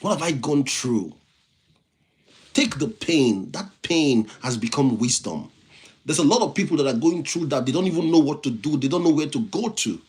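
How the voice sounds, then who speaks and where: A man with a non-native English accent hosts a motivational livestream, his voice a little high, mellow and expressive at a normal speed. He preaches in repeated phrases, reading out viewer comments and thanking each person by name.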